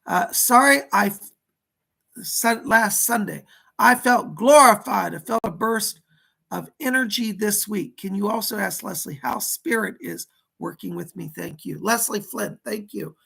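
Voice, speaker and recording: Very gravelly, husky male psychic. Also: high voice, measured pace, pushed and bright. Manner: relays spirit messages with many "he said" asides; reads viewer donations and questions aloud. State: hoarse, coughing. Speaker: psychic medium. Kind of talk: live-stream psychic readings.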